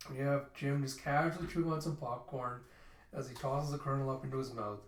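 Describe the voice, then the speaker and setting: In a manga readthrough, the host casually walks through each panel, saying things like "you see" and "he's like." His voice is mid-range, steady in tone, and brisk, while the audio has a roomy echo from a far-off mic.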